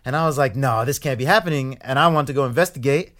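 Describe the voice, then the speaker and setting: A young man, a guest in a casual interview, telling a story in an animated way that gets loud when he acts out anger. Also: mid-range voice, fast.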